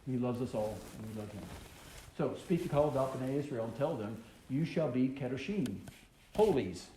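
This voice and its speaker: A man's voice: medium pitch, lively intonation, moderate pace, mellow. A man teaches a Torah portion, reading verses aloud and explaining them with frequent ums and uhs. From American South. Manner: reads scripture aloud then explains it, with many ums and uhs. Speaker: Bible teacher. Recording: echoey room with faint noise.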